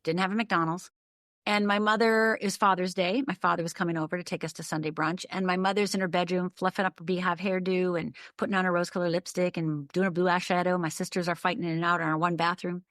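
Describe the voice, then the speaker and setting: A woman's voice: lowish voice, little pitch movement, fast, fairly bright tone, dry recording, studio quality. An older woman from the northern United States telling a personal story as a podcast guest, vivid, detailed and emphatic. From Upper Michigan, USA.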